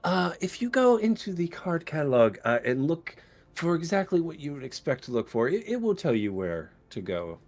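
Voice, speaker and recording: A man voicing a pale, mousy elven librarian woman who speaks softly and stammers. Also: a little high, very animated, moderate pace, pitched above the performer's own voice. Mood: meek, polite. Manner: soft, stammering, polite.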